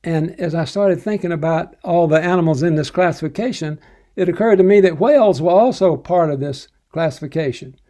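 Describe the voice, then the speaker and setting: Older man, mellow gentle storyteller. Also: a little high. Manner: gentle, unhurried storytelling with soft chuckles. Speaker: spiritual teacher. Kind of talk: recounting personal devotional stories.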